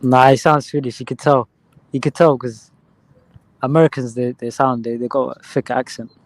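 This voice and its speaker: Man, mid pitch, teasing. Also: fairly even intonation, moderate pace, dry recording, low-quality recording. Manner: incredulous, teasing. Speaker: guest. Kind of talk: casual chat.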